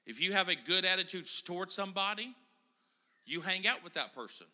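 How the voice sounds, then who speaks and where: A man's voice: sits high, expressive, brisk, bright, forceful tone. A middle-aged man preaching a casual sermon in a church, chatting and joking with the congregation. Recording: church hall reverb.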